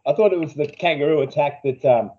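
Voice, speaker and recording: A man's voice: on the high side, quick pace, warm tone, dull audio. A man co-hosting a podcast, telling rambling crude anecdotes in casual banter. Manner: rambling anecdotes, frequent swearing, laughs at own stories. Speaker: podcast co-host.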